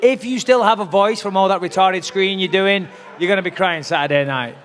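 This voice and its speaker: A man's voice: high-pitched, a little fast, fairly bright tone, a faint crowd, a little hiss or hum. Brash, profane man taunting in a hall. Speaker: fighter at a press conference. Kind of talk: trash talk at a press conference. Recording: long hall reverb.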